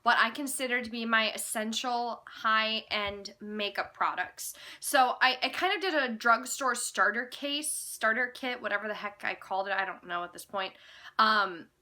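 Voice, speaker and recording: Young female vlogger, casual rambling chat, bright and fairly high. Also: moderate pace. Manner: chatty, rambling, self-correcting. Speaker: beauty vlogger.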